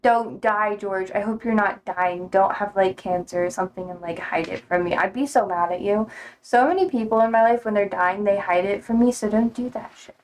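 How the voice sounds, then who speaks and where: A woman's voice: medium pitch, normal speed, darkish tone, slight background noise. A young woman live streaming from home, chatting casually in a rambling, easygoing way, swearing offhandedly and laughing easily.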